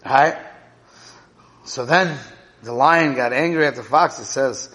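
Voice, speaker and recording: Male Torah teacher, unhurried delivery, long hall reverb. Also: mid-range voice, a bit bright. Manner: checks in with listeners, 'right?' and 'okay?'. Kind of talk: Torah class explaining a parable.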